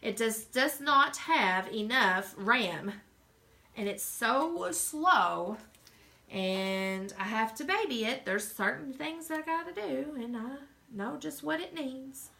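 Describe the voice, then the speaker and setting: Southern woman, crafts host, chatty and a touch high-pitched, bright and forward. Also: expressive, slow pace, creaky. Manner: chatty, rambling, talks straight to viewers. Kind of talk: casual live-stream craft demo.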